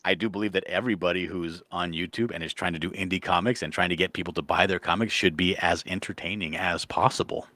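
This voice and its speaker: A man's voice: low voice, steady tone, fast, few pauses, bright, forceful tone, dry recording. Blunt, cursing man ranting on a stream. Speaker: livestream host. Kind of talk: heated casual chat.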